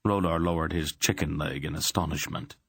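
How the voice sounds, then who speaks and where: A man reading a fantasy audiobook in a steady, measured narration. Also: extremely low pitch, creaky, husky, dry recording.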